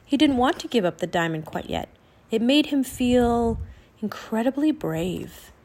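A woman narrating a children's novel aloud in a steady, expressive storytelling manner. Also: a little high, a little slow.

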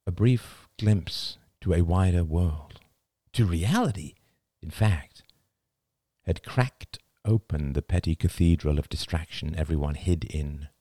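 A man reading a novel aloud as an audiobook, with expressive, dramatic storytelling. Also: low-pitched, unhurried, no room sound, clean studio sound. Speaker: audiobook narrator. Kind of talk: scripted audiobook narration.

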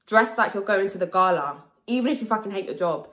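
A woman in her thirties, slightly tipsy, hosting a casual solo podcast chat, talking fast and frankly, swearing freely and repeating herself for emphasis. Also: medium pitch, expressive, a bit bright. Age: 30s. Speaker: podcast host.

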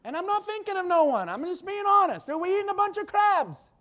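A man preaching a sermon with fervor, swinging between loud exclamations and quiet, chatty asides to the congregation. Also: extremely high pitch, sing-song, brisk.

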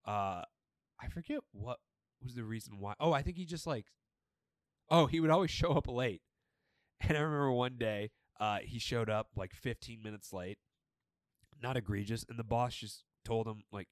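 A young man co-hosting a podcast, chatting casually and telling animated, swear-filled stories about old jobs. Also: medium pitch, normal speed, no room sound. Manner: animated storytelling, swears freely. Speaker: podcast co-host. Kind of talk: casual chat.

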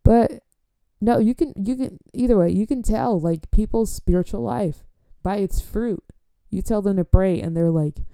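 A woman talking casually about prayer and faith, animated and teasing, with a preachy edge and frequent laughs. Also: medium pitch, moderate pace, gravelly, smooth, dry recording. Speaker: faith vlogger.

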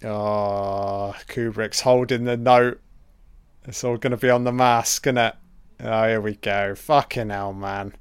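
A man's voice: on the low side, steady tone, takes it slowly, clear, resonant tone, no echo. A man giving a casual, sweary live commentary over a film as it plays.

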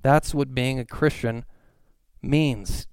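Guy preaching, smooth clear voice, mid pitch, earnest. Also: fairly even intonation, slow pace, no echo. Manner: earnest preaching, rising emphasis on questions. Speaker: pastor. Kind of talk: sermon.

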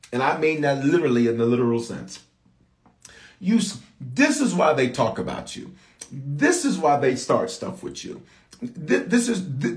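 A man preaching as a bishop, his pitch swinging up and down as he drives his points home to the congregation. He keeps calling on them to answer back. His voice rings around an echoey church sanctuary. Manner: animated, calls out to the congregation for response. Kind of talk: sermon.

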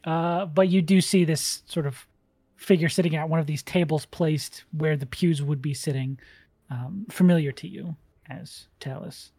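A game master narrating a tabletop game in a relaxed, rambling way, full of fillers. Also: medium pitch, moderate pace, no room sound.

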